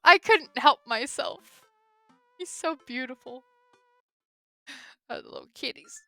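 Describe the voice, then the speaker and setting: A woman's voice: high voice, huge pitch swings, slow, creaky, bright, forceful tone, no echo, soft background music. A young woman casually commentating a game stream, chatty and giggly, reading dialogue aloud. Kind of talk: casual let's-play commentary.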